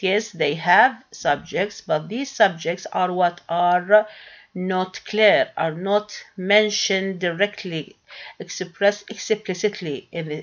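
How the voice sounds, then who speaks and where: A woman's voice: on the low side, lo-fi sound. A woman with an Arabic accent teaching English grammar in a recorded lecture. She asks questions and answers them herself, with frequent hesitations and restarts.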